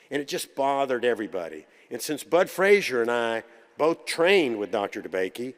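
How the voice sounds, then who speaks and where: Man telling funny stories in a hall. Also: mid-range voice. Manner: anecdotal, humorous storytelling. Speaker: keynote speaker. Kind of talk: conference keynote talk. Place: conference hall. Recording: long hall reverb.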